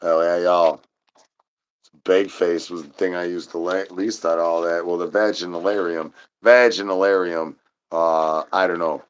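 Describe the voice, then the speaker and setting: A man's voice: deep voice, steady tone, normal speed, clean tone, muffled recording. A man hosting a livestream, rambling in goofy chatter full of silly wordplay and singsong repeated catchphrases. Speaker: livestream host.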